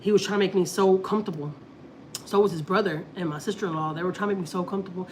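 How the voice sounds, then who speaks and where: A woman's voice: lowish voice, rapid-fire, a little mellow, slight background noise. A woman from Texas, chatting casually on a family vlog live stream and telling a long story, repeating herself often. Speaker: family vlogger.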